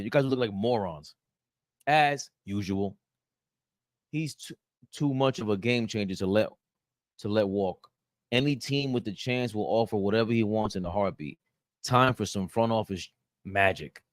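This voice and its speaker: Animated man ranting on a live stream. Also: mid-range voice, no echo, studio quality. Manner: animated, ranting, bantering with the chat. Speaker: show host reading live chat comments. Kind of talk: casual live-stream sports talk.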